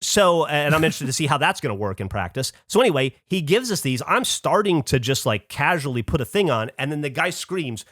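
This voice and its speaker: Bright, animated man telling a story. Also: a little high, a little fast, few pauses, no echo, studio quality. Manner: animated storyteller who swears casually and acts out other people's lines. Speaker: podcast host. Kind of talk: casual storytelling chat.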